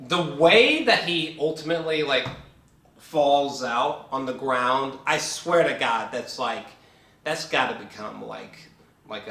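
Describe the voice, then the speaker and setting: A man's voice: medium pitch, pushed and bright, reverberant. A man giving a casual, profane movie reaction review, laughing often as he rants.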